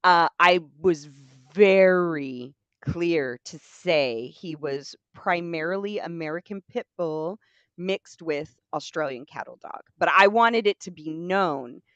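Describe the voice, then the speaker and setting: A woman's voice: fairly low pitch, a bit bright, clear, resonant tone, no room sound, muffled recording. A woman hosting a live stream, telling a long casual story in a chatty, rambling way with many fillers.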